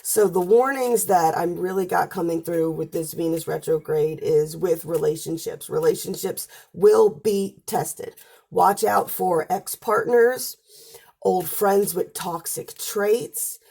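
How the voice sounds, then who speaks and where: A woman's voice: on the low side, measured pace, gravelly, warm tone. A woman giving a casual spoken astrology and tarot forecast, chatty and talking straight to viewers, her voice wearing out as she goes. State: losing her voice.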